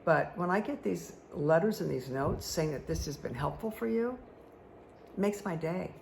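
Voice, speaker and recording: A woman's voice: lowish voice, expressive, normal speed, vocal fry, a little mellow, slight background noise. A woman giving a card reading for her viewers, chatty and rambling, who often checks in with "okay?". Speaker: spiritual guide reading tarot and angel cards. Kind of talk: casual talk to viewers while reading cards.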